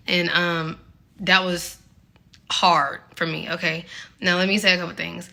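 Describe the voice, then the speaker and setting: A young woman in her late twenties with a very bright, sharp-edged voice that sits on the lower side. She sounds a little out of breath as she speaks to her viewers in a candid, earnest faith talk, leaning on "like" as she encourages them. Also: little pitch movement, unhurried, gravelly. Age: 20s. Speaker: faith vlogger.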